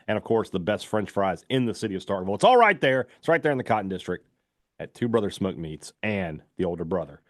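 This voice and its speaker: A man's voice: mid-range voice, no echo, studio quality. A man hosting a sports talk radio show, reading sponsor ads in a loose, chatty way full of fillers. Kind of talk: casual radio talk with live ad reads.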